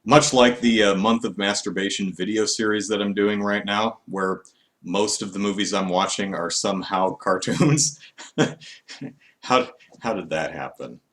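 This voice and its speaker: A man's voice: fairly low pitch, a little slow, a bit bright. A man chatting casually on a live stream, rambling and wry with many fillers. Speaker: vlogger.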